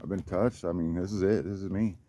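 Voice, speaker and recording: A man with a lowish voice rambles through a profane story about his own life. He sounds boastful and worked up, and his pitch leaps up whenever he quotes someone else. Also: fairly even intonation, fairly quick, dark tone, slight background noise. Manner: rambling, profane and boastful, voice jumps up when quoting others. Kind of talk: rambling monologue.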